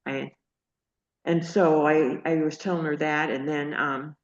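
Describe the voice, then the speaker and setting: A woman telling her own story in a casual, halting way, full of restarts and fillers, earnest and excited. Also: low voice. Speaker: guest sharing a healing testimony. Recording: dull lo-fi audio.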